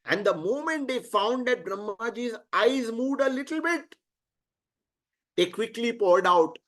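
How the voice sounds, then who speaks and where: A man with an Indian accent teaching through an animated story, mixing English with Hindi and putting rhetorical questions to his listeners. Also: very high-pitched, a little slow. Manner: switches freely between English and Hindi. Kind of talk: storytelling lecture.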